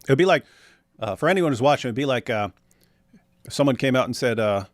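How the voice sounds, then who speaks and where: A man's voice: medium pitch, expressive, brisk, dry recording, studio quality. Sarcastic man hosting a debate stream. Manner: sarcastic, emphatic, argumentative. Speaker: host. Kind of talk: livestream debate commentary.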